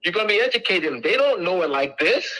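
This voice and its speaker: A middle-aged man lectures an audience in a high, sharp and forceful voice. He hammers each point with emphatic repetition, speaking casually but with insistence. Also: sing-song, fast talker, rough recording.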